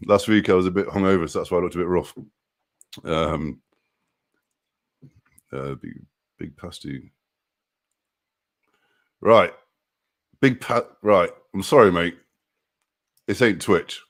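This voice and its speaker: This trucker has a deep, expressive voice and speaks slowly with frequent pauses. On his casual live stream he reads comments from viewers, greets them by name, and laughs often.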